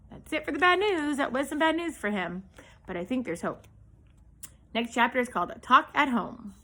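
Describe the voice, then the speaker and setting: A woman reading a children's chapter book aloud with expressive storytelling. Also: high-pitched, normal speed, poor audio. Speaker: storybook reader. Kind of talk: children's read-aloud narration.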